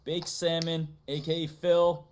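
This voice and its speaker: A woman's voice: sits low, level tone, a little slow, a little mellow, slight background noise. A woman with a Massachusetts accent, hosting a casual livestream and playfully reading out donations. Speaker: stream host.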